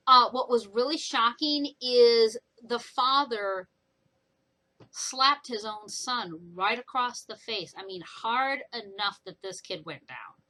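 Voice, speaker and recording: A young woman casually retelling a book's plot in a chatty, animated way for her vlog. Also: on the high side, low-quality recording. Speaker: book reviewer. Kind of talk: casual book review vlog.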